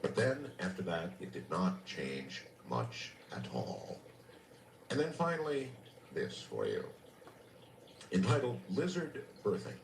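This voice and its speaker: Man hosting late-night radio, very low voice, lively pitch swings, roomy distant recording. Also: takes it slowly, creaky, a little hiss or hum. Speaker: radio host. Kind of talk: late-night radio talk and humorous reading.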